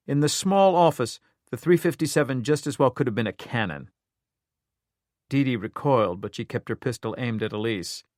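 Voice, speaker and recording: A man narrating a crime thriller audiobook in a steady storytelling manner. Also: medium pitch, normal speed, dry recording, studio quality. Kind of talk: scripted narration.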